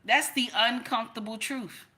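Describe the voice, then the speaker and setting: A woman's voice: on the high side, steady tone, moderate pace, pushed and bright. A woman hosting a reaction video, giving casual commentary in an emphatic, preachy way that repeats phrases for effect.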